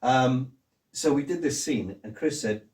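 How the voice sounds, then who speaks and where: A man in his sixties hosting a casual interview, telling stories in an animated way. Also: mid-range voice, unhurried. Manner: animated storyteller who slips into impressions. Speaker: host. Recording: echoey room, mic at a distance.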